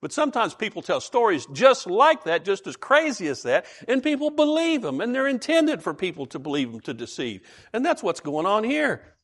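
A man's voice: high-pitched, sing-song, normal speed, fairly bright tone. A man preaching a sermon in a conversational way, asking his listeners questions and telling jokes. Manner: conversational, asks the audience questions, tells jokes.

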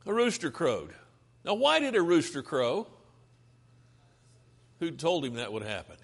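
A male preacher delivering a sermon with a lively voice that rises and falls freely. He talks earnestly and pleadingly, and he often asks rhetorical questions. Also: a little high, measured pace, breathy edge.

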